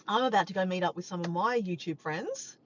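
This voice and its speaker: A woman from Australia with an Australian accent, chatting casually and warmly with live viewers, sometimes breaking into bits of song. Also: on the low side, fairly quick. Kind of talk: casual live-stream chat. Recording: dull lo-fi sound with faint background noise.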